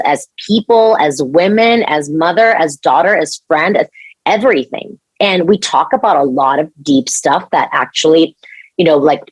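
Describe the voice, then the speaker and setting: A young adult woman from Mexico, a podcast guest telling a personal story in an earnest, animated way, with many restarts. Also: sits low, no room sound.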